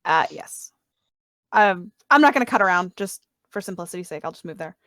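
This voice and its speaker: A woman player at a tabletop game, chatty and upbeat with quick asides. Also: lowish voice, lively intonation, sharp tone, dry recording, studio quality. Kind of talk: casual chat at a tabletop game.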